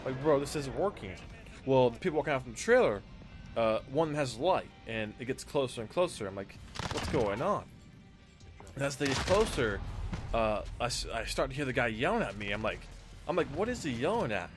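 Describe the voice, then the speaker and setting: A man's voice: medium pitch, a little fast, faint music behind. A man casually telling a personal story to his viewers, acting out what people said and using lots of fillers. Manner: animated retelling, acts out quoted lines, frequent fillers.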